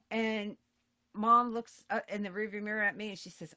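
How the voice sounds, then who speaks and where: A woman in her fifties co-hosting a podcast, telling a story in casual chat with high, loud bursts and laughter. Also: steady tone, moderate pace. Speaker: podcast co-host.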